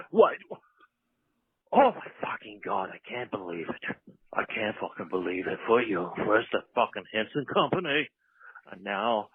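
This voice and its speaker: A man's voice: mid-range voice, husky, no room sound, pitched above the performer's own voice. A man voicing a foul-mouthed, furious, washed-up puppet-show star in a voicemail, ranting profane threats. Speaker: voicemail caller. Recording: tinny phone voicemail.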